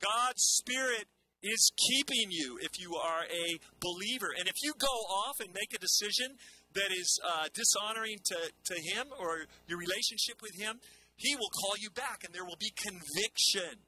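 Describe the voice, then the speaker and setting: Male pastor, bright and slightly high voice, conversational sermon with repeated phrases, faint noise. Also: moderate pace, low-quality recording.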